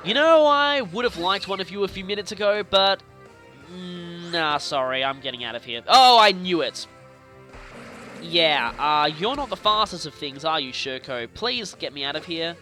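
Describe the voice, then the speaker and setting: A young man casually commenting on his video game play, chatty and playful with animated reactions. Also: high-pitched, normal speed. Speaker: let's play host. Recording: faint game music behind.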